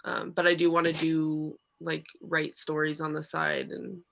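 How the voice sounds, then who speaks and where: A young woman, a creative writing student, talking hesitantly as a guest in a casual chat, with many pauses. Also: sits low, monotone, gravelly, fairly bright tone. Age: young adult.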